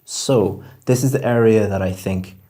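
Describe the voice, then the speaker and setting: Patient low-voiced male tutor explaining. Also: a little slow, dark tone. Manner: patient, explanatory, demonstrates phrases aloud. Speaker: IELTS examiner giving feedback. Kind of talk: one-on-one feedback session.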